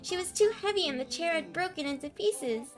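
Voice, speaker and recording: A woman's voice: very high-pitched, expressive, fairly quick. A woman streamer reading a fairytale aloud on a live stream, giggling and stumbling over words between chatting with viewers. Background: faint background music.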